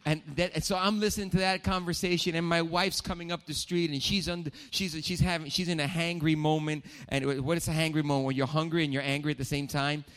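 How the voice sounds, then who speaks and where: A male pastor telling a personal story in a sermon, animated, with repeated phrases for emphasis. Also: fairly high pitch, fast, few pauses.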